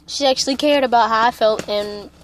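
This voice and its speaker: Young woman vlogger, high voice, animated, swears freely, casual storytelling. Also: a little fast, slight background noise. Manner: animated, profane, acts out quotes.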